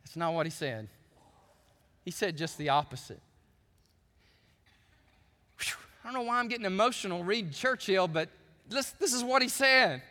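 A man's voice: sits high, expressive, moderate pace, long pauses, pushed and bright, long reverb tail. A man from the United States preaching a sermon as pastor, swinging between chatty asides and fervent preaching.

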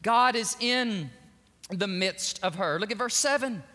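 A man preaching a sermon in an animated, emphatic way, often repeating words for stress. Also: high voice, measured pace. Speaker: pastor. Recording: long hall reverb.

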